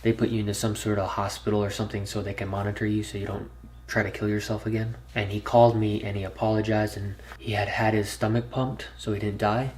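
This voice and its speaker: A man's voice: lowish voice, a little mellow. A man telling a personal story in a storytime vlog, earnest and candid, plain spoken and swearing freely. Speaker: YouTuber.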